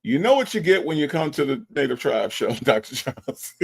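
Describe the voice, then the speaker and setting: A man hosting a live stream, chatting casually and teasing his chat with an animated delivery. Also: mid-range voice, fairly quick, creaky, slightly rough. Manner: animated, teasing, mocks chat with exaggerated voices. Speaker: livestream host.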